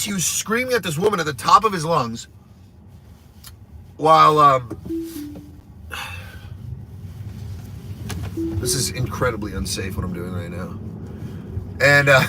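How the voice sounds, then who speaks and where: A man, a comedian, ranting in a crude, rambling, deliberately provocative way on a live stream from a moving car. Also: a little high, lively intonation, pushed and bright, a little hiss or hum. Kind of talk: provocative live stream rant while driving.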